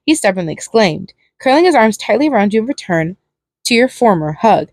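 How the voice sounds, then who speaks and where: A woman reading fan fiction aloud as narrator, steady but with small restarts. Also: medium pitch, brisk, no echo.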